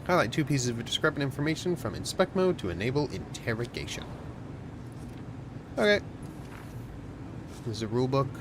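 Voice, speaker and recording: A man's voice: medium pitch, big pitch swings, normal speed, pauses often, background noise. A man casually commentating a game, reading its text aloud and cracking jokes. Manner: jokey, reads game text aloud, bursts into shouting. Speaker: gamer playing a border-inspector game. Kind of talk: casual let's-play commentary.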